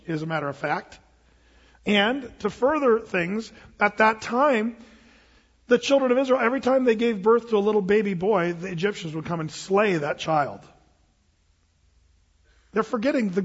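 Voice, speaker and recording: A man's voice: high-pitched, animated, normal speed, breathy edge. A middle-aged man preaching a sermon as pastor, casual and conversational, quizzing the congregation. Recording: dull live recording in a reverberant hall.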